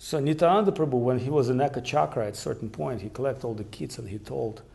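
A man retelling devotional legends in a gravelly, creaky voice. He speaks haltingly, full of small fillers and restarts. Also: medium pitch, darkish tone. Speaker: storyteller. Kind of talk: devotional storytelling.

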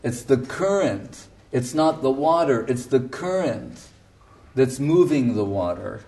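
A man's voice: medium pitch, expressive, slow, dark tone. A man lectures earnestly as a spiritual teacher, stressing his points and now and then chanting verses. His voice sits in a middle register. He sounds a little distant from the microphone. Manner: earnest, emphatic, quotes his guru in Bengali and Sanskrit. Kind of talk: devotional lecture.

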